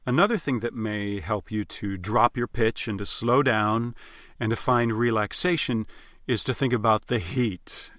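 A man coaching dialects in a measured, explanatory tone, now and then demonstrating the sounds he describes. His voice is bright and forward, recorded dry and close with no room around it. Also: fairly low pitch, no echo. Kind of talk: instructional narration.

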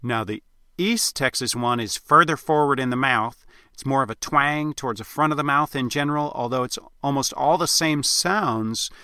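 A man giving a recorded accent lesson, explaining sounds in a clear, instructive way. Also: medium pitch, bright, forceful tone, no echo, studio quality. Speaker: accent coach.

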